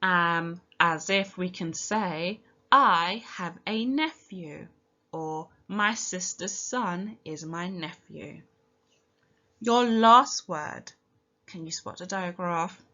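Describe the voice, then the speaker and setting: A woman with a British accent teaching a recorded phonics lesson for young children, speaking slowly and clearly and sounding out each letter encouragingly. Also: fairly low pitch, sharp tone. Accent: British English. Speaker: primary school teacher. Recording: dull lo-fi home recording.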